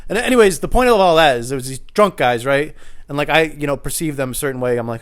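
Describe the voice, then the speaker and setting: A man's voice: on the high side, lively intonation, fast talker. A man rambling alone for his podcast at home in the kitchen, casual, profane and self-deprecating. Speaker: podcast host. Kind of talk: solo rambling monologue.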